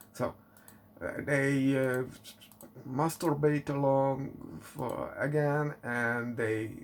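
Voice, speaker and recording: A man reviewing a movie in English, often asking exasperated rhetorical questions and filling pauses with fillers. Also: medium pitch, slight background noise. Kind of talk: casual spoken movie review.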